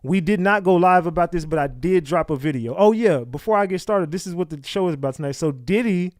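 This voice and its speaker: A man's voice: fairly high pitch, a little fast, dry recording. Talkative man hosting a livestream. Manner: talkative, asks viewers rhetorical questions. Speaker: livestream host. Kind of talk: casual livestream commentary.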